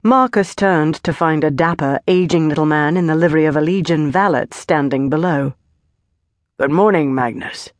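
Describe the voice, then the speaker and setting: A woman narrating an epic fantasy audiobook, steady and measured. The sound is dry and close to the mic, with no room around it. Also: sits low, dry recording.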